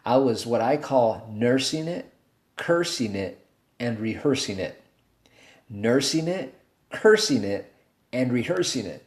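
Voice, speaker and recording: A man in his thirties giving a motivational talk on a livestream, telling a story in a casual, animated way. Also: mid-range voice, slow, pauses often, echoey room. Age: 30s. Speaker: motivational speaker.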